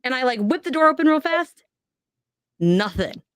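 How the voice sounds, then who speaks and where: A woman's voice: sits high, sing-song, moderate pace, a bit bright, no echo. A woman on a podcast telling a personal ghost story, acting out the voices she quotes. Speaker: podcast guest.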